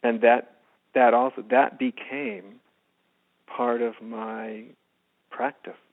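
Soft-spoken man on a tinny phone line. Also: medium pitch, flat delivery, takes it slowly. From United States. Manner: soft-spoken, often drops to a hushed voice. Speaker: spiritual teacher, guest. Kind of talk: reflective personal storytelling.

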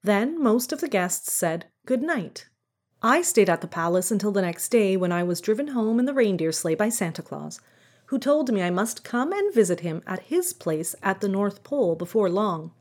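Woman reading a storybook with lively pitch. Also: moderate pace. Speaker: audiobook narrator.

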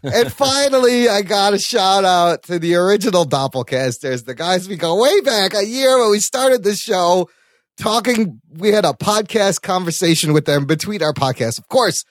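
A man co-hosting a podcast in casual chat. He is chatty and animated, laughs often and swears casually. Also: high voice, normal speed, dry recording, studio quality. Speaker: podcast co-host.

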